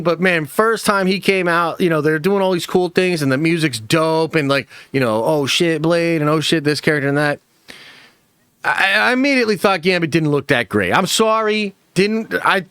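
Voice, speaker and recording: Animated, swearing man riffing on movies. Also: on the high side, clear, resonant tone, dry recording, studio quality. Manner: animated, profane, chatty with lots of fillers. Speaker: movie news channel host. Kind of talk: casual opinion commentary.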